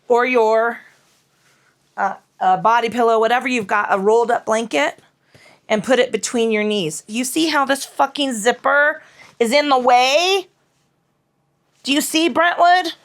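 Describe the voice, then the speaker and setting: A female yoga instructor leads a class through hip and low back movements. She cues the breath in a frank, playful way, swearing casually as she goes.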